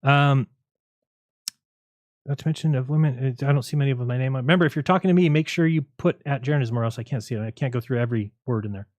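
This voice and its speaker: A man hosting a livestream, talking in a rapid, argumentative, sarcastic way to his viewers. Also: mid-range voice, darkish tone, no echo. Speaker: livestream host. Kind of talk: casual livestream monologue.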